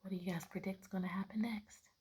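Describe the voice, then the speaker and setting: Woman teacher, picture-book read-aloud for kids, lots of questions, lively narration. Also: mid-range voice, quick pace, slight background noise. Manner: asks many questions, bright storybook emphasis on narration.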